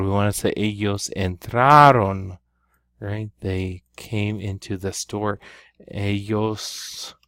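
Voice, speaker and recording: A low, gravelly-voiced male teacher talks through a Spanish grammar lesson at an unhurried pace. He explains each step patiently and keeps checking in with his listeners. The recording is close and dry. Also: a bit bright, dry recording.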